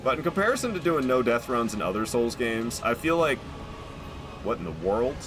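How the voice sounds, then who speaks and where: Male gaming commentator, lively and profane, jokey, quick laughs, music bed behind. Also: mid-range voice. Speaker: gaming YouTuber. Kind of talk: casual gameplay commentary.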